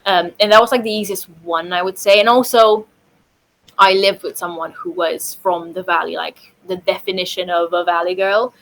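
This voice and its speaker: A woman's voice: on the low side, steady tone, moderate pace, a bit bright, low-quality recording. A young woman chatting casually as a podcast guest, with lots of "like" fillers. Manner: chatty, full of fillers like "like", laughs easily. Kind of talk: casual chat.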